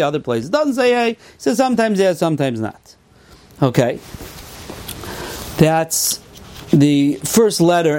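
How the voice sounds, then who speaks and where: A man with a high voice teaches a Torah class in American yeshiva English, full of Yiddish and Hebrew terms. He reads the texts in a sing-song, and his pitch leaps up and drops low without warning. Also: a little mellow, a little hiss or hum. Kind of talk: Talmudic lecture.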